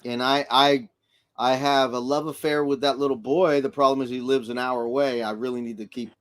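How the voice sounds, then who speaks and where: A middle-aged grandfather co-hosting a casual livestream chat, telling animated family stories and acting out voices. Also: mid-range voice, a little fast. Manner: animated storyteller who acts out voices. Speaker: livestream co-host.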